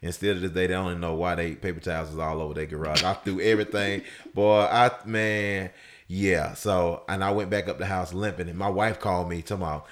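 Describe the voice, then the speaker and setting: Deep-voiced man telling a rambling story. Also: normal speed. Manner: animated storyteller, voice jumps up high for quoted shouts; loose, repetitive, full of fillers like man and bruh. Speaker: guest telling his story. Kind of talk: casual chat.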